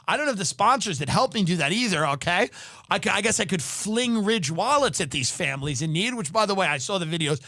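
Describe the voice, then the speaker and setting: Brash, high-pitched ranting comedian. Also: male voice, animated, bright, forceful tone, no room sound. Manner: brash, profane, sarcastic, rapid asides. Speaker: podcast host. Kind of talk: comedic rant.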